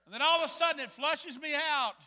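A man preaching a sermon as a pastor, telling a story in an animated way and acting out voices. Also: very high voice, fairly quick, in a large hall. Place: church hall.

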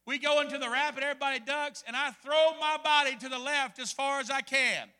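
A man preaches with a strikingly high voice and a bright, forceful edge. He tells his story with sharp swings between hushed asides and loud bursts. His voice rings with the long reverb of a church hall. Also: fairly even intonation, a little fast. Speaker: pastor. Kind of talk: sermon.

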